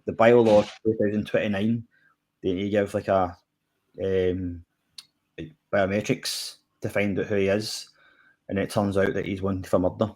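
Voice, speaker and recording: A man's voice: lowish voice, little pitch movement, moderate pace, darkish tone. A Scottish man co-hosting a chat about a TV episode, talking loosely with lots of fillers. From Scotland. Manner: rambling, filler-heavy, lots of "kinda" and "like". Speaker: podcast co-host reviewing TV. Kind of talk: casual chat.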